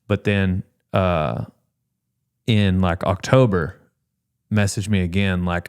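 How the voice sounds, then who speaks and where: A man with a lowish voice telling a story on a podcast, relaxed and chatty. When he quotes people his voice leaps up high and gets animated. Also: moderate pace, smooth. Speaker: podcast host. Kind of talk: casual storytelling chat.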